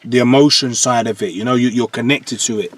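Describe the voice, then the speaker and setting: A man's voice: mid-range voice, brisk. A man in his forties, a jungle MC guest on a podcast, telling stories animatedly and often checking that the listener follows him. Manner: animated storyteller, keeps checking "do you understand". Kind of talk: podcast interview.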